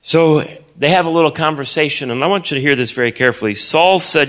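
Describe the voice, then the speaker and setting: A man preaching a sermon, telling a story with animated delivery and acting out the voices of its characters. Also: on the high side, quick pace, few pauses. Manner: animated, acts out voices, repeats words.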